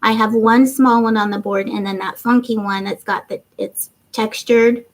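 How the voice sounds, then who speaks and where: A woman's voice: on the high side, steady tone, normal speed, rough recording. A middle-aged woman hosting a craft livestream, chatting casually and reading out viewers' comments. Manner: chatty, warm, reads viewer comments aloud.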